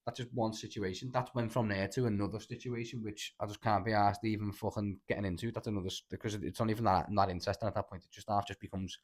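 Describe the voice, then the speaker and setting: A young man with a thick Scouse accent spins a rambling tale on a casual podcast. He talks very fast in a low voice, piling on slang and swearing as he goes. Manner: rambling, animated storytelling with lots of slang and swearing. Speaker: podcast host. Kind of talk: casual chat.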